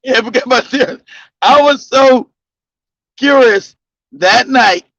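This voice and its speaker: Man, podcast storyteller, bright husky voice, rowdy and profane. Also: very high voice, a little slow, no echo. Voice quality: gravelly. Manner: loud, laughing, profane storytelling with bursts of shouting. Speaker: podcast host telling a story. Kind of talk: casual storytelling. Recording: dull lo-fi dry sound.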